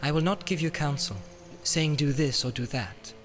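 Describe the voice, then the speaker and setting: A man reading an audiobook, voicing an ancient, wise elf queen who speaks gravely and solemnly. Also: fairly high pitch, normal speed, fairly bright tone, faint music behind, pitched above the performer's own voice, close to an everyday voice.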